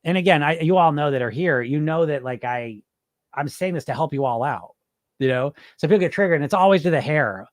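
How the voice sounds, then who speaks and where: This hypnotist host's voice is fairly high with lively intonation, at normal speed, in a dry, studio-quality recording. He chats casually and bluntly with his live audience, swearing and throwing out rhetorical questions as he answers comments.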